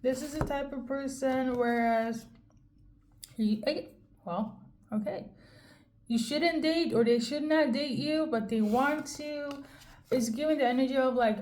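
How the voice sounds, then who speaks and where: Reading tarot cards straight to the viewer, this woman keeps things conversational, frank and occasionally profane, often asking "okay?" along the way. Her voice sits high and is a little mellow, and she talks a little slowly with frequent pauses.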